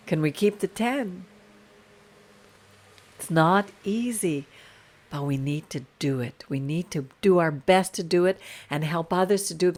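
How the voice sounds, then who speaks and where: A woman's voice: fairly low pitch, a little mellow. A woman hosting an informal Torah class over a video call, speaking in an earnest, encouraging, preaching way.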